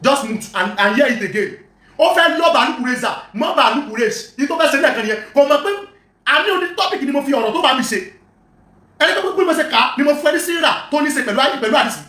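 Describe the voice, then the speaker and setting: A bright, high voice that moderates a heated religious debate. It reads scripture in slow, measured lines, then cuts in forcefully and tells others to calm down. The sound carries a roomy echo.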